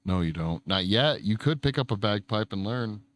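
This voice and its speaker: Low, smooth-voiced man chatting on stream. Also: lively intonation, normal speed, a bit bright, no room sound. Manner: chatty, reads chat aloud, swears casually. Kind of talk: casual livestream chat.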